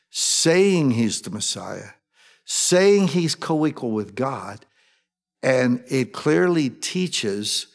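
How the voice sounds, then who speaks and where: A male pastor preaching a sermon, animated, often acting out eager voices with sudden jumps in pitch. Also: gravelly.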